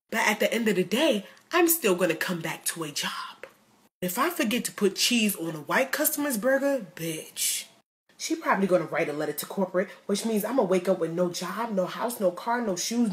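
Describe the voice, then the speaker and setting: A young woman doing comedic storytelling, profane and animated, acting out the people in her story. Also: mid-range voice, reverberant. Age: young adult. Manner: profane, animated, acts out voices.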